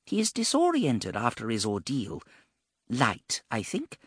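A man's voice: medium pitch, wildly swooping pitch, a little slow, fairly bright tone, breathy edge, no echo, studio quality, full character voice. A man voicing an ancient giant female serpent spirit, commanding and dismissive. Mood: imperious. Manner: imperious, clipped.

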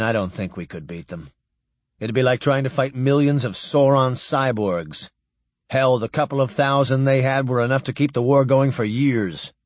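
A man voicing a grim male officer speaking low and sober. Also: no room sound, natural voice.

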